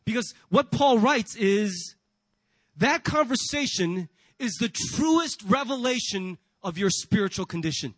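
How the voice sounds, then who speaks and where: Male pastor, sermon delivery, high voice, dry recording, rhetorical and animated in acted asides. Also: measured pace, dry recording, low-quality recording. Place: church.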